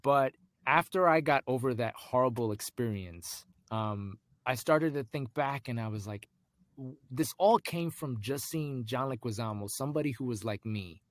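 Young guy on a podcast telling a story, animated, does little voices for people. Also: medium pitch, moderate pace, dry recording. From United States. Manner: animated, acts out voices in his anecdotes. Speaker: guest. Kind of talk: storytelling in casual conversation.

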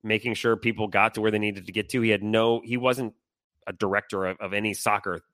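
A middle-aged man telling a heated personal story on a podcast, animated and swearing, acting out the people he quotes. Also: on the low side, fairly quick, no echo, studio quality. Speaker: podcast co-host. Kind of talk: casual storytelling chat.

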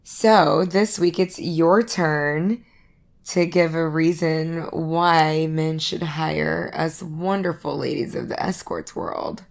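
A woman's voice: deep voice, steady tone, slow, creaky. An American woman co-hosting a podcast in casual chat, chatty, laughing often and restarting sentences. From United States. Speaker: podcast co-host.

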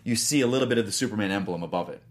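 A man's voice: lowish voice, very fast. A man co-hosting a movie news show, chatting casually, rambling and poking fun at himself. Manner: rambling, self-deprecating, excitable. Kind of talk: casual panel chat.

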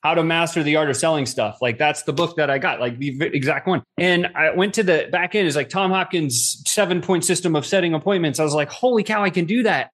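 A middle-aged man, a podcast guest, telling stories in a casual, animated way and acting out the quotes. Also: on the high side, fast, hardly any pauses. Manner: animated, acts out quotes with swearing. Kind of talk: casual storytelling.

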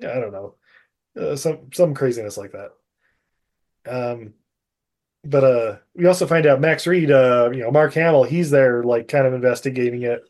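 A man's voice: medium pitch, moderate pace, a little mellow. A man casually recapping a movie on a podcast, rambling with lots of fillers and frequent laughter. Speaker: podcast co-host.

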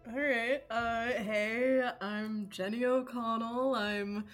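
A podcast guest from Massachusetts, chatting casually with sarcastic humor and many fillers. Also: female voice, a little high, fairly even intonation, slow, faint music behind.

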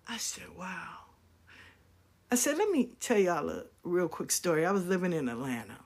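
A woman in her fifties, with a mid-range and slightly mellow voice, tells stories in a casual, blunt, profane rant. She acts out the people she's quoting as she goes.

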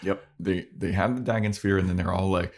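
A man co-hosting a podcast, giving a casual and animated retelling of a TV episode. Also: deep voice, brisk. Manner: animated retelling, laughs often. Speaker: podcast co-host. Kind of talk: casual chat recapping a TV episode.

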